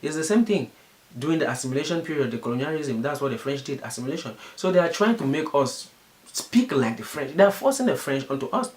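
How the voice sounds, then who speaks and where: A man's voice: on the high side, lively intonation, quick pace, darkish tone, reverberant. A man from Cameroon with a Cameroonian English accent speaks earnestly and emphatically, often repeating words as he searches for the phrase. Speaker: interviewee. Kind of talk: impassioned commentary.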